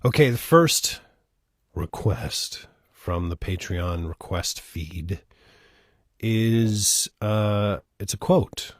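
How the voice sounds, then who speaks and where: Deep-voiced, rambling man storyteller. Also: very slow, dry recording, clean studio sound. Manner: rambling, self-deprecating, stumbles over words. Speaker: storyteller reading listener requests. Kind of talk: casual live-stream reading.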